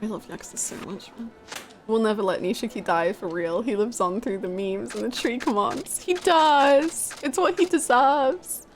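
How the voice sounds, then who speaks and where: A young British woman streaming a game and chatting with viewers, telling stories in an animated, laughing way. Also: fairly high pitch, moderate pace, faint music behind. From United Kingdom. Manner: animated, laughing storytelling, reading chat aloud. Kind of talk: casual live-stream chat with viewers.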